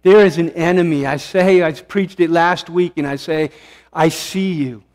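Male pastor, high voice, mid-sermon; builds to emphatic peaks, then drops to a hush. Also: moderate pace, in a large hall. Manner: impassioned, swelling to emphatic peaks then dropping hushed. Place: church sanctuary.

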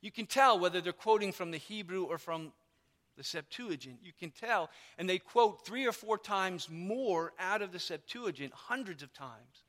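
A pastor preaches to his congregation, his voice pitched high and bright. He explains with animated emphasis. The church hall gives his words a long reverb. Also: moderate pace. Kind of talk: sermon. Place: church sanctuary.

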